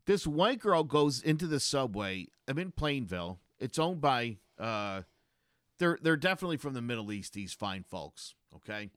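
A man in his thirties tells stories in a casual chat. His voice is bright and forceful, and his pitch swings widely. He keeps restarting his sentences, and the sound is dry and close. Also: moderate pace, no room sound. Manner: animated storytelling with frequent restarts.

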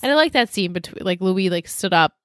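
A woman's voice: lowish voice, lively intonation, brisk, dry recording, studio quality. A woman co-hosting a podcast, chatting casually and animatedly about a TV episode and acting out its lines. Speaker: podcast co-host. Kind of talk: casual TV recap chat.

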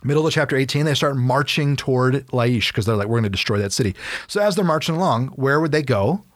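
A man hosting a casual podcast, retelling a Bible story in an animated way and acting out its characters in quick casual voices. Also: mid-range voice, dry recording, studio quality.

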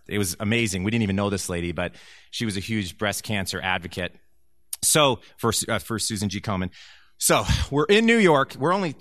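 Man, mid-pitched, testimony speaker, acts out the dialogue, close dry sound. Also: dry recording. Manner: animated storyteller who acts out quoted speech. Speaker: church speaker sharing a testimony. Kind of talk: personal testimony storytelling to an audience.

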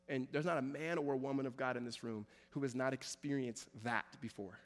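Pastor, male, high voice, impassioned preacher who repeats lines for emphasis, long hall reverb. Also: animated, brisk, few pauses. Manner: preaches with rising intensity, repeating phrases. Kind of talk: sermon. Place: church sanctuary.

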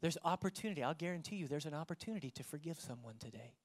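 A pastor preaching a sermon to a live church congregation, moving between loud emphasis and hushed tones and putting direct questions to the listeners. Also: mid-range voice, expressive, racing.

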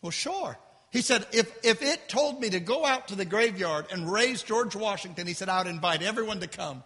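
High, bright, impassioned male preacher. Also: breathy edge, big-room sound. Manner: impassioned preaching, builds to shouts then drops low. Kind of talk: sermon.

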